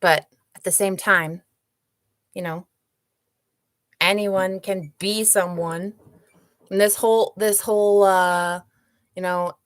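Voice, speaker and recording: Hushed, slow-talking drag performer, a woman. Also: steady tone, dry recording. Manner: rambling, profane, hushed low talk. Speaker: drag performer hosting own show. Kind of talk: casual vlog chat.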